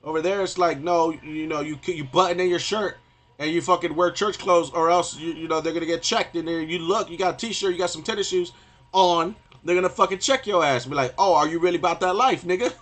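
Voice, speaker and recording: A man's voice: on the high side, fairly quick. Heated, foul-mouthed man ranting on stream. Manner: profane, rambling, repeats "you know what I mean"; grows loud and heated at times. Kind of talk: off-the-cuff rant while live-streaming.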